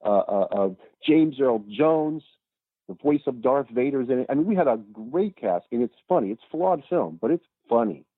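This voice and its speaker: A man speaking as a podcast guest, telling animated stories and acting out the quotes as he goes. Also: medium pitch, moderate pace, husky, dry recording, narrow, tinny audio. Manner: animated storyteller, acts out quotes. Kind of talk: casual storytelling.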